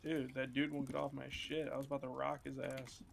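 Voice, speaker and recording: A man with a gravelly, creaky voice jokes around in slang while playing a co-op game. He sits at mid pitch, talking casually. Loud game sounds and clicks run under his voice. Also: level tone, fairly quick. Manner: joking, slangy banter. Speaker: gaming channel host. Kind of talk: casual co-op gaming chat. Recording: noisy game audio behind voice.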